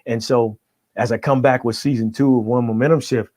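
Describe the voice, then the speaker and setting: Emphatic motivational coach, dry sound. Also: male voice, mid-range voice, steady tone, brisk, a little mellow, dry recording. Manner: emphatic, keeps checking in with "right?". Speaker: guest coach. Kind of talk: motivational podcast talk.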